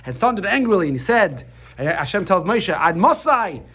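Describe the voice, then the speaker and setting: A man teaching a lively class, switching quickly between explanation and jokes. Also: high voice, breathy edge. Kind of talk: animated class lesson.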